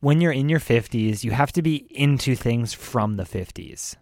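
Young dude, goofy and self-mocking, mid-range voice, dry sound. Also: male voice, medium pitch, expressive, normal speed, a little mellow, dry recording. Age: 20s. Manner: goofy, self-deprecating, laughs often. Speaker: podcast co-host. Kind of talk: casual chat.

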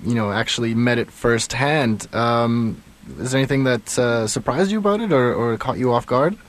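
A male radio host chats casually in a studio, stumbling through plugs and announcements with plenty of "uh" and "um." He makes fun of his own slips as he goes, in a mid-pitched, everyday voice. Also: normal speed. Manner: rambling with many fillers, self-mocking.

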